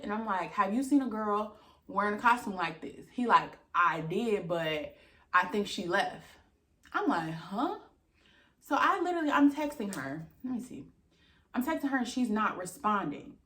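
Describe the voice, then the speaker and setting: In a roomy-sounding space, a young woman with a mid-range voice vlogs a casual storytime, clearly exasperated. She animates the tale by performing quoted dialogue, swearing plenty as she goes.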